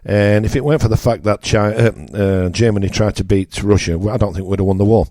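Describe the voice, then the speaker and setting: A radio host with a northern English accent holds forth in a blunt, ranting monologue, hammering his points with repetition. His voice sits on the low side, and the recording is dry and close with no room around it. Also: fairly even intonation, quick pace, dark tone, no echo. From northern England. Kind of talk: opinionated political monologue.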